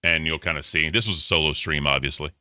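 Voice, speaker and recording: A man with a low but bright, forward voice hosts an opinionated commentary stream. He talks offhandedly and lets sentences trail into mutters. The sound is dry and close. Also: quick pace, clean tone, dry recording. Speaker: commentary host. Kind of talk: casual commentary.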